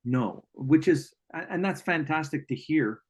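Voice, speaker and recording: A man's voice: fairly high pitch, expressive, unhurried. A man hosting a casual interview as a psychic medium, talking reflectively with many restarts and fillers. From Canada.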